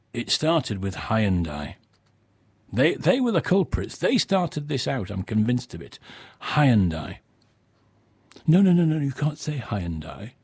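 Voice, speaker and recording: A man's voice: mid-range voice, breathy edge, dry recording. An English man presenting on the radio, grumbling in a chatty, mock-indignant monologue. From England.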